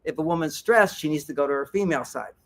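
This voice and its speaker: A man giving a seminar talk to a live audience as a workshop speaker, animated and acting out example dialogues. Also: fairly high pitch, fast talker.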